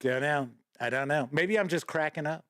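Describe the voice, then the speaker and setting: Hosting a live-streamed gaming news show, this man has a fairly high, somewhat bright voice at a moderate pace. The recording is dry with clean studio sound as he chats folksily, greets viewers by name, and reads the news.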